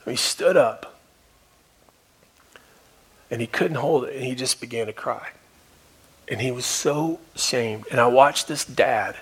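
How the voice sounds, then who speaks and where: A male pastor preaching a sermon, telling a story and dropping at times to a soft, hushed voice for emphasis. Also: a little high, a little slow, pauses often, slightly rough. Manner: storytelling, shifts between soft hushed tones and raised emphasis. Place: church.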